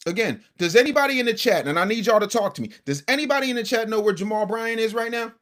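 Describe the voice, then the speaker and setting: A man's voice: sits high, animated, fast talker, fairly bright tone. A man hosting a casual livestream commentary show, brash and combative, talking straight to his chat.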